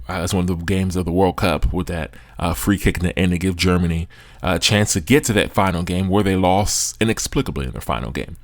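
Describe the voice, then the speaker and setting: Deep-voiced and laughing a lot, a young American podcast host talks sports in a casual, animated way peppered with slang. There's no room sound, just clean studio audio.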